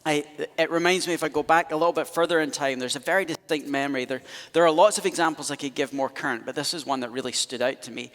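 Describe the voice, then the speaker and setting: A man's voice: a little high, a bit bright. A man in his thirties with a Scottish accent, preaching with chatty, self-mocking stories full of fillers and restarts. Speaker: pastor. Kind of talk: sermon storytelling. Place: church hall. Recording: long reverb of a church hall.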